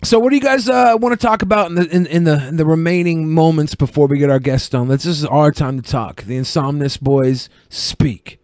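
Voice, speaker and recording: A man's voice: a little high, quick pace, hardly any pauses, a little mellow, no room sound, studio quality. A man hosting a casual podcast panel chat, talking bluntly and swearing freely, with laughing asides. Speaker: podcast host.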